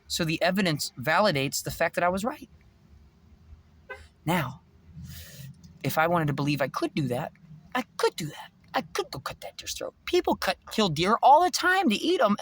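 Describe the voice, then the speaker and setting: Intense preachy male vlogger, high and very animated delivery. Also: moderate pace. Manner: intense, preachy, swears freely. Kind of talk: rambling spiritual monologue.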